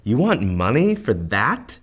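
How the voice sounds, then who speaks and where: A male comedian voicing a flustered, irritated club booker, incredulous and exasperated, raised above his own low voice. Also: wildly swooping pitch, slow pace, slight background noise.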